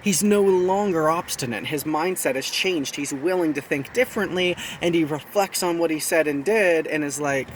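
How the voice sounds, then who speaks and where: A man's voice: fairly high pitch, normal speed, few pauses, slight background noise. A man hosting a casual video talk with his partner. He is chatty and pokes fun at himself, and he explains his points by repeating phrases. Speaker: video host.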